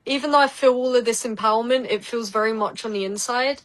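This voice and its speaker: A woman from Essex, England, with an Essex accent, appears as a psychic guest on a podcast, chatting casually and giving tarot readings. She talks fast in a slightly high voice, laughs easily and uses lots of "like" and "um", on a rough recording.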